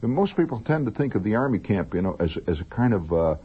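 A man's voice: lowish voice, big pitch swings, breathy edge. A man telling a long, digressive, humorous story in a rambling radio monologue. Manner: digressive, humorous, drawn-out asides. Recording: narrow lo-fi old radio recording.

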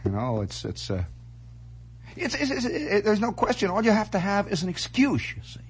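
A man's voice: high voice, wildly swooping pitch, normal speed, a little hiss or hum. A man hosting a radio monologue, rambling theatrically and making sound effects with his voice. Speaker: radio host. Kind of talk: late-night radio monologue. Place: radio studio.

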